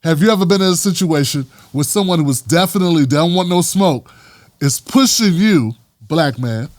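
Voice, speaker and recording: A man delivers his own commentary in a high, lively voice that swings widely in pitch. He talks in an emphatic, street-casual way. The sound is dry and close. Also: moderate pace, no room sound. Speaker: host. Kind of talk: political commentary vlog.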